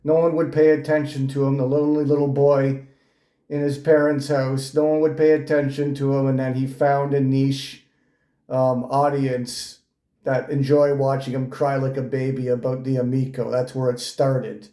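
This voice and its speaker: A man's voice: mid-range voice, flat delivery, normal speed, warm tone, echoey room. A man giving mocking reaction commentary, sneering and ridiculing someone as he talks. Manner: sneering, ridiculing, with frequent laughs.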